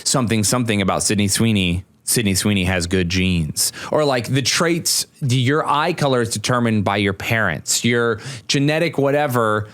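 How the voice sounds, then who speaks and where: A man, a stand-up comedian as podcast guest, telling a story in an animated, sarcastic way and slipping into mocking voices. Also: mid-range voice, normal speed, few pauses. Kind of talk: casual conversation.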